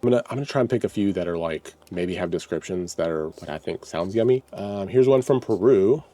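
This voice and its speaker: A home coffee roaster vlogger from Texas, USA, talks casually while shopping, reading product notes aloud. His deep, mellow voice moves briskly, and his manner is easygoing and self-deprecating.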